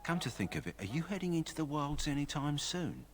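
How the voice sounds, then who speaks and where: A calm, practical kennel master with a London accent in a fantasy video game. He explains things in a steady, matter-of-fact way, over faint background noise. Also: fairly high pitch, fairly quick. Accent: London English.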